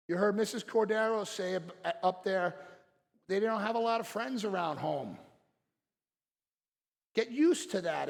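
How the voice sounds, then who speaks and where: A man's voice: fairly high pitch, gravelly. A man giving a blunt, motivational talk from a stage to fellow practitioners, telling stories and acting out what people said. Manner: blunt, storytelling, acts out quotes. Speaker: seminar speaker. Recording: long hall reverb.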